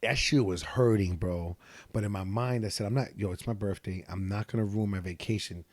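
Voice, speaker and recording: A man in his late thirties hosting a podcast, telling stories in an animated, slang-heavy way with a slight lisp. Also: fairly low pitch, a little fast, no echo. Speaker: podcast host. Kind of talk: casual chat.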